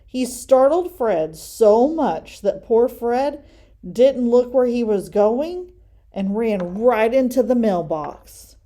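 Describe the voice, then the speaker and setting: A woman reads a children's picture book aloud. Her delivery is slow and expressive, with a lively rise and fall. Her tone is mellow and warm. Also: a little high. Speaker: story reader. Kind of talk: children's storybook reading.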